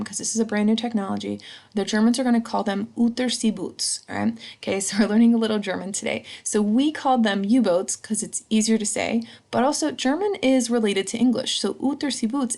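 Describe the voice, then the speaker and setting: A woman's voice: mid-range voice, creaky, darkish tone. A woman teacher giving a recorded history lesson, chatty and casual, checking in with a "right?" after each point. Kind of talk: recorded slideshow lecture.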